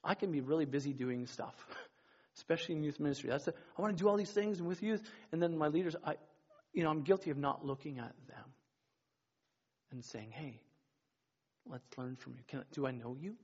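A youth pastor gives a loose, chatty sermon, often restarting his sentences and playing out the quotes he tells. His voice is a little high for a man and husky. The recording sounds dull and lo-fi. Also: lively intonation, a little fast. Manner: rambling and conversational, with many restarts and acted-out quotes. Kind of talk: casual sermon.

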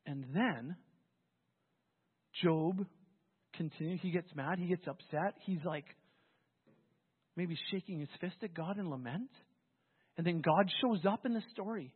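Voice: medium pitch, measured pace, long pauses, slightly rough. A pastor preaching a sermon in a conversational, storytelling way, often restarting phrases. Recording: phone-like, with long hall reverb.

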